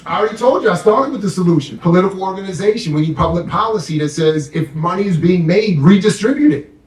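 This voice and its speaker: A man giving an impassioned panel talk as a guest professor, animated and emphatic, now and then mocking others in put-on voices. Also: sits high, fast talker. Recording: echoey room, mic at a distance.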